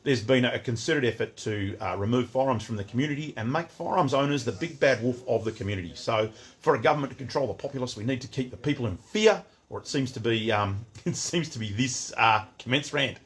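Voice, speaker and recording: A man's voice: mid-range voice, animated, a little fast, hardly any pauses. Chatty Australian man on a livestream. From Western Australia. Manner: chatty, greets viewers by name, rambling restarts. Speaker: shop owner hosting a livestream. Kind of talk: casual livestream rant.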